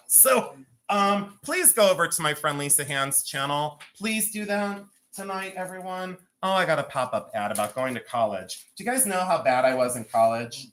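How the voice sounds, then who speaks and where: A man's voice: fairly high pitch, very animated, normal speed, a bit bright. A man in his fifties with a Cleveland accent, chatting and joking as he sells jewelry on a live stream, rambling and laughing often. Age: 50s. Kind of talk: chatty live-sale banter.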